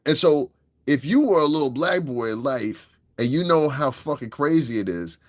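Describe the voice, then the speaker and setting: A man's voice: mid-range voice, expressive, moderate pace, dry recording, clean studio sound. A man hosting his own podcast, talking in a blunt, profane, rambling commentary. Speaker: podcast host. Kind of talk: casual commentary monologue.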